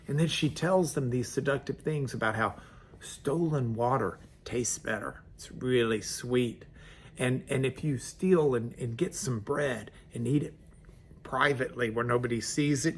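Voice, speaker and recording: A man's voice: mid-range voice, measured pace, husky. A man, a pastor giving a folksy, conversational devotional talk. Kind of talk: devotional sermon.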